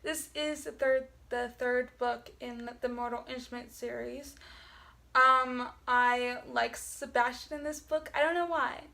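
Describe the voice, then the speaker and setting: High, creaky-voiced young-sounding woman. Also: fairly even intonation, a little slow, bright, forceful tone. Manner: rambling, full of "like" fillers and self-corrections. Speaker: book vlogger. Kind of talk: casual chat.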